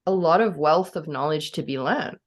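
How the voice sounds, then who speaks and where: A woman from a Commonwealth country co-hosting a podcast in casual chat, giggly and animated, often slipping into playful voices. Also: sits low, moderate pace. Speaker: podcast co-host.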